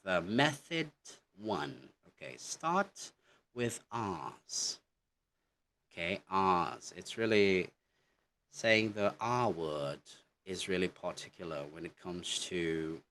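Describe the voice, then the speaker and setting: Male teacher, very low voice, unhurried delivery, constant "okay" check-ins. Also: fairly bright tone, slight background noise. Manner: slow, repetitive, says "okay" constantly while demonstrating words. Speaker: English teacher. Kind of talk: online pronunciation lesson.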